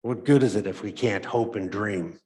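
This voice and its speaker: A hopeful young army medic in a read-aloud wartime story, voiced by a man. His low voice is wistful and earnest, holding on to dreams of peace. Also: moderate pace, darkish tone, natural voice.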